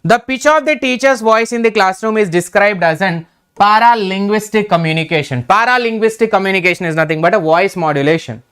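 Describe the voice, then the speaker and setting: A man's voice: sits high, brisk, fairly bright tone, clean tone. A middle-aged man with an Indian English accent, teaching an exam revision lecture, repeating key terms and checking in with "right?".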